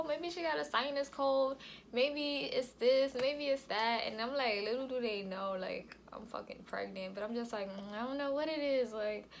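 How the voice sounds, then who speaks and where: A woman's voice: medium pitch, sharp tone, a little hiss or hum. A young woman vlogger telling a casual storytime, slangy and swearing freely, acting out every line of dialogue. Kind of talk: storytime vlog, casual chat.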